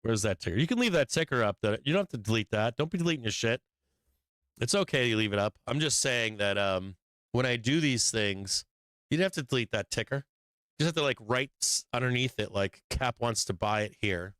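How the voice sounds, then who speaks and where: A man talks through stock charts in a blunt, rambling, profane way, with plenty of ums and asides. His voice is bright and smooth. It is recorded dry and close. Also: medium pitch, lively intonation, brisk, dry recording. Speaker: stock market show host. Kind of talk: casual trading commentary.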